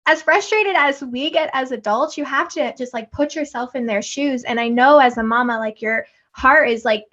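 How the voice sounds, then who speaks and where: On dull, lo-fi audio, a woman co-hosts a laid-back podcast conversation, acting out exchanges with her children in an animated way. Her voice sits high and is a bit bright, with a moderate pace.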